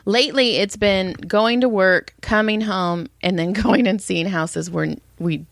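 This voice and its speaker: A middle-aged woman with a gravelly, medium-pitched voice co-hosts a podcast, unhurriedly telling stories and animatedly voicing what others said. The recording is studio quality with no room sound.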